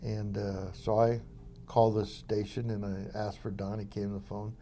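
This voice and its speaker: A mellow-voiced older man recounts his memories as an interview guest. He talks in loose, rambling sentences, full of fillers and false starts. His storytelling is relaxed and anecdotal. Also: on the low side, moderate pace, a little hiss or hum. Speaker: interview guest, former police officer.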